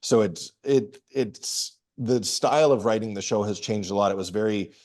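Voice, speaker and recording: A low-voiced man, a guest comedian and performer, gives casual interview answers at a moderate pace. He tells stories in a relaxed way, often restarting and laughing.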